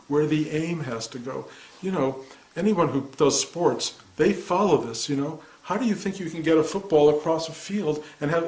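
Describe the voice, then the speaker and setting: A man in his sixties, a meditation teacher, giving a soft-spoken, reflective spiritual talk in answer to a student. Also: a little high. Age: 60s. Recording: echoey room.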